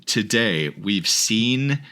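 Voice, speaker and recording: A man's voice: fairly low pitch, animated, very slow, bright, forceful tone, smooth. A man co-hosting a podcast, chatting casually about movies with a wry, jokey, sarcastic manner. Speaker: podcast co-host.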